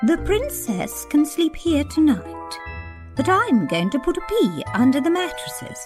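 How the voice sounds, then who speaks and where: A woman's voice: high-pitched, sing-song, a little slow, over music. A woman voicing a bossy, fussy fairy-tale queen in a cartoon, with a sing-song delivery. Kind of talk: cartoon voice acting.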